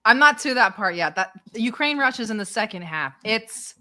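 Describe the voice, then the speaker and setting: A woman's voice: on the high side, lively intonation, bright, forceful tone. A woman co-hosting a stream, chatting casually and with amusement about politics. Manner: chatty, amused, fast asides. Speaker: co-host.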